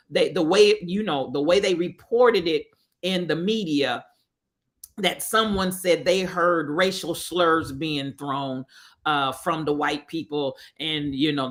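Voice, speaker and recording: A woman hosting a live stream, commenting on current events with emphatic repetition and calling out viewers by name. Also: low voice.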